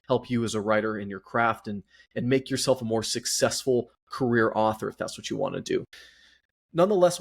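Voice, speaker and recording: Guy hosting his podcast solo, a bit out of breath, husky voice, rambly and jokey about himself. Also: mid-range voice. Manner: chatty, self-deprecating, rambling. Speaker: podcast host. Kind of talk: casual solo podcast monologue.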